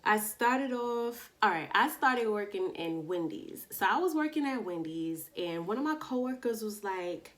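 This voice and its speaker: A woman from Long Island, casually telling a storytime vlog to camera at home, slangy and animated, acting out bits of dialogue. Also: medium pitch, unhurried, few pauses. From Long Island, New York. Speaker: vlogger. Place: indoors at home, daytime.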